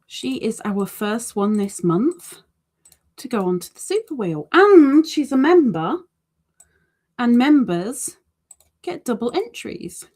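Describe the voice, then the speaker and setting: A woman's voice: fairly high pitch, very animated, slow, darkish tone. A woman hosting a casual crafting livestream, reading out viewer comments with chatty, self-deprecating asides. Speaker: crochet livestream host.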